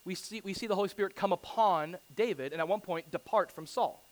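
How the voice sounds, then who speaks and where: High-pitched man preaching a sermon. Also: fairly quick. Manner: builds from quiet to loud and urgent, rhetorical questions; emphatic preaching, quotes scripture. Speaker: pastor.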